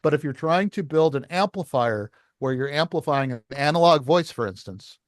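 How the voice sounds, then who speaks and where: A man's voice: fairly high pitch, lively intonation, normal speed, dry recording, clean studio sound. A man teaching a licensing class, explaining step by step at a whiteboard and asking the students questions.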